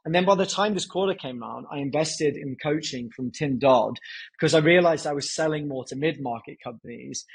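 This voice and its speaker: Male guest, fairly high husky voice, energetic and casual, filler-heavy. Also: low-quality recording. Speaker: podcast guest, company founder. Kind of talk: casual interview talk.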